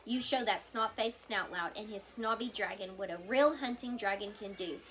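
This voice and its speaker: A woman voicing a skinny, anxious boy who talks in a hushed, urgent way in a storybook read-aloud. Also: mid-range voice, normal speed, slight background noise, natural voice, low-quality recording.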